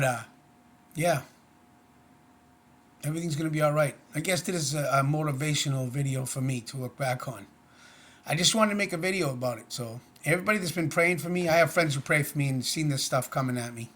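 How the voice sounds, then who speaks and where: Middle-aged man, earnest and plainspoken, a touch high-pitched, rambling vlog talk. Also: a bit bright. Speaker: vlogger. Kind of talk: casual personal vlog.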